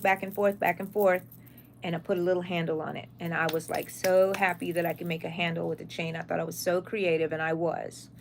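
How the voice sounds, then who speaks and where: A woman's voice: on the low side, a little hiss or hum. Middle-aged woman, casual live-stream host, chatty, answers viewers. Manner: chatty, reads viewer comments aloud. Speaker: crochet channel host.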